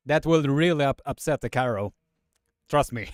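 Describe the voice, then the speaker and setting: A man hosting a live stream, commentating and chatting with viewers in a halting, filler-heavy way. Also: fairly high pitch, lively intonation, a little mellow, no room sound, clean studio sound, soft background music.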